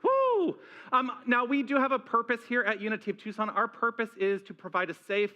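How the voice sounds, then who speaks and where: A male senior minister with an American accent, giving an excited, high-energy welcome to his congregation, a little out of breath. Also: fast, highs cut off. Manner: enthusiastic, high-energy, exclaiming. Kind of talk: energetic church welcome and opening talk. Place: church sanctuary with a congregation.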